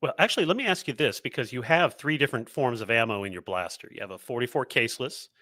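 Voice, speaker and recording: A man narrating and running a tabletop role-playing game as game master, talking in a relaxed, hesitant way as he works out the rules aloud. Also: mid-range voice, fast talker, no echo.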